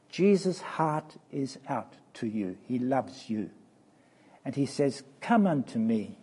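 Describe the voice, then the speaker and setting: Man preaching to children, husky, fairly high voice, emphatic, questioning. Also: dark tone. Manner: slow and emphatic, asks questions of listeners. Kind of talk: sermon to children.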